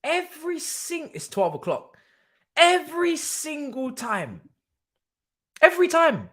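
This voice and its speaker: Excitable high bright-voiced young man. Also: slow. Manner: excitable, repeats himself, swears freely. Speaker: host of a football watch-along. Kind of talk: live stream reaction commentary.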